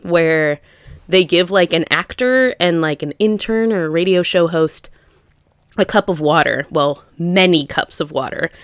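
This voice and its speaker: A woman co-hosting a podcast in casual chat, talking fast and loose with many fillers and frequent laughs. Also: on the low side, no room sound, clean studio sound. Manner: chatty, lots of "like" fillers, laughs often. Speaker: podcast co-host.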